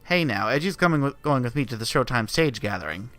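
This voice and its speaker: A man's voice: mid-range voice, expressive, fast, a bit bright, soft background music, lightly acted. A man voicing an upbeat, earnest young man organizing a flash mob, read from a visual novel. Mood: eager. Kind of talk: reading a visual novel aloud.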